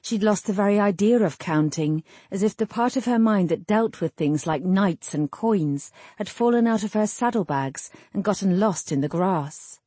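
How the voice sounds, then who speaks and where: Woman reading an audiobook, soft husky voice, dark and warm, dry close recording. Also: mid-range voice, animated, no echo. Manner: measured, lyrical storytelling. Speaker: audiobook narrator. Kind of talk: scripted narration.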